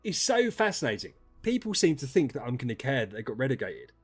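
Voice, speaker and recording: A man streaming casual chat with viewers, ranting and swearing, dropping to mutters and then rising to loud outbursts. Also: medium pitch, very animated, fast, breathy edge, faint music behind.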